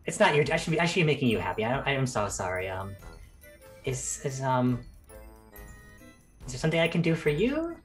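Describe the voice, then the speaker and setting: A man's voice: medium pitch, very animated, brisk, long pauses, faint music behind, close to an everyday voice. A man voicing a shy, sad female centaur carousel attendant who stammers and keeps apologizing. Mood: timid apologetic.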